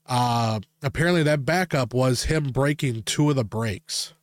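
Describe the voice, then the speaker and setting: A man's voice: medium pitch, measured pace, dry recording. Guy ranting on a podcast, swears a lot, laughs at his own jokes, dry sound. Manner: crude, laughing, rant-style storytelling. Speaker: podcast host. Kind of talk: casual chat.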